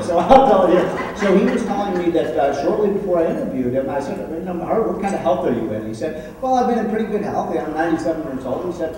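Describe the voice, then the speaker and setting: A man tells rambling, joking stories as a dinner keynote speaker, restarting his sentences often. His voice sits a little high for a man. He is picked up from a distance in a large echoing hall with faint room noise. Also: mellow. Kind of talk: after-dinner speech with anecdotes. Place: banquet hall.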